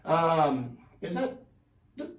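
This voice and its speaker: A man with a slightly high voice spins loose, animated stories as a podcast guest, dropping fillers and swears as he goes. He sits back from the mic in a roomy, echoey space. A faint hiss runs underneath. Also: extremely slow. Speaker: podcast guest, pro wrestler. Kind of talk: casual storytelling chat. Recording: echoey room, mic at a distance.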